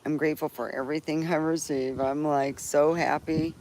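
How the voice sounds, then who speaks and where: Under a tree in her backyard, a middle-aged woman casually live-streams from her phone, her deep, darkish voice fairly even in intonation and moderate in pace. She rambles cheerfully with restarts and frequent laughs, while birds and chickens fill the noisy outdoor stream.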